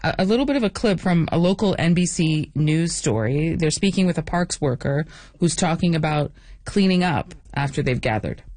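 Curious woman radio host, lowish voice. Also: lively intonation, normal speed, no room sound. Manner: warm, laughing, curious questions. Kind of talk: radio interview.

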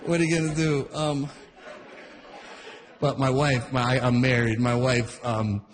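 This stand-up comedian, a middle-aged man, speaks unhurriedly in a medium-pitched voice with little pitch movement. He rambles through his stories and keeps interrupting himself, and the recording has a long reverb tail plus background noise.

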